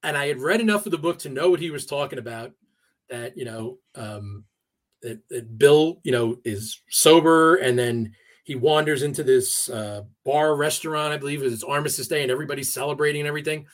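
A man with a fairly high voice tells a long personal story in a relaxed interview. He talks in a halting way, with frequent restarts and fillers as he gathers his thoughts. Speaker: podcast guest. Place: New York area.

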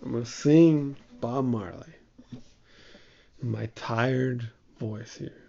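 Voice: medium pitch, slow pace, vocal fry, highs cut off, over music. A podcast host chatting casually on their own, rambling and poking fun at themselves in a loose, crude way. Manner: rambling, self-mocking, crude. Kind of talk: casual solo chat.

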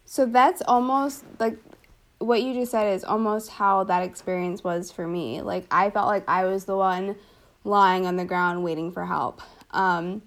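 A woman's voice: medium pitch, steady tone, unhurried. A young woman telling a personal story in casual conversation, chatty and full of fillers, laughing now and then. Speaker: older sister telling her story.

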